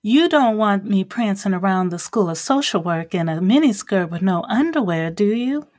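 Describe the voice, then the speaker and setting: A woman's voice: mid-range voice, expressive, normal speed, a little mellow, no room sound, studio quality, close to an everyday voice. A woman putting on a sweet teasing Texas drawl. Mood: teasing, flirty. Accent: Southern US (Texas).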